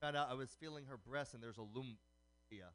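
A man doing a stand-up comedy set of quick puns, performed live for a radio show. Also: medium pitch, a bit bright, clear, resonant tone. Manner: punning, quick joke delivery. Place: comedy night broadcast on radio.

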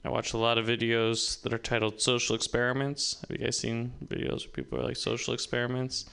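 A man doing a rambling, deadpan stand-up set at an open mic. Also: medium pitch, a little fast, creaky, clear, resonant tone. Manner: deadpan rambling delivery with acted quotes. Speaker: stand-up comedian.

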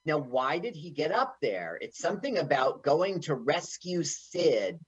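A man's voice: unhurried, slightly rough. A man co-hosting an internet radio show, riffing jokingly on a movie as it plays. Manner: jokey, tries silly voices, lively pitch. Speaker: podcast co-host. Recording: dull lo-fi sound.

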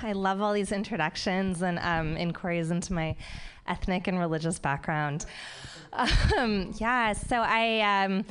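A woman doing a stand-up set on a comedy club stage, wry, with animated mock outrage. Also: fairly low pitch, unhurried, a little hiss or hum.

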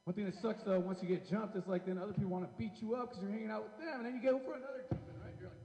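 High-voiced guy doing stand-up, swears a lot, dull echoey hall sound. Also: very fast, mellow. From Seattle area. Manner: profane, rambling, says "man" constantly. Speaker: stand-up comedian. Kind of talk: stand-up comedy set. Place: comedy club stage.

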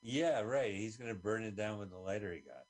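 A man's voice: on the low side, a little fast, crowd noise. A man co-hosting a podcast who chats casually about a movie and makes wry jokes. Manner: wry, joking comments. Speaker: podcast co-host.

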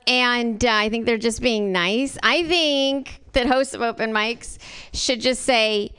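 A woman in her forties delivers dry, awkward stand-up at an open mic, taking her time. Her voice is high, bright and very crisp. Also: slow pace. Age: 40s. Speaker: stand-up comedian.

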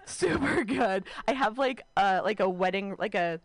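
A woman's voice: mid-range voice, normal speed, no room sound. A woman in her thirties from the San Francisco Bay Area telling a rambling, self-deprecating stand-up story full of "like" fillers. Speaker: stand-up comedian.

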